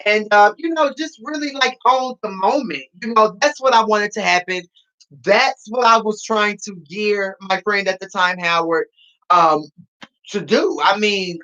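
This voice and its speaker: A man's voice: high voice, sharp tone, dull audio. A man reviewing a reality show he is part of, in casual podcast talk, sassy and dramatic, repeating phrases for emphasis. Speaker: reality TV cast member reviewing his show.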